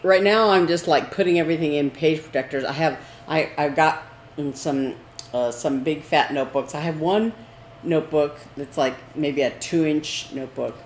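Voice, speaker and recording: A woman's voice: deep voice, normal speed. A woman co-hosting a casual crafting chat, talking in a rambling way with many fillers. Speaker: co-host. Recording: echoey room with faint noise.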